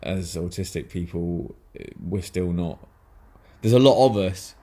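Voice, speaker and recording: Deep-voiced man rambling on a podcast. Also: a little slow, mellow. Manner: rambling, hesitant, many fillers and restarts. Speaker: podcast co-host. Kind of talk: casual podcast chat.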